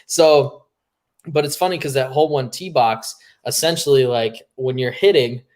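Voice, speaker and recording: A man's voice: mid-range voice, moderate pace, a little mellow. A man co-hosting a casual podcast, telling a long anecdote in a loose, laughing way and swearing freely. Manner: laid-back, swears freely, laughs mid-story. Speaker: podcast co-host. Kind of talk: casual storytelling chat.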